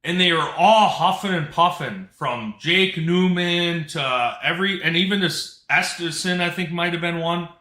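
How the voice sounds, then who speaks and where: A man's voice: on the high side, measured pace, hardly any pauses, bright, forceful tone, reverberant. A man hosting a live talk show, telling stories in a blunt, emphatic way. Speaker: host.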